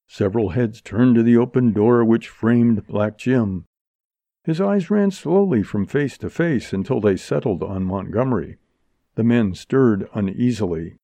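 A man narrating a story aloud as an audiobook reader, with an expressive reading. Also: lowish voice, unhurried, no room sound. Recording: dull lo-fi dry recording.

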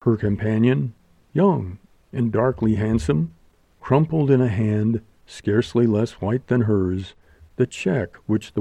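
A man narrating an audiobook in a measured, even reading. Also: medium pitch, creaky, no room sound. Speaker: audiobook reader. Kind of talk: scripted narration.

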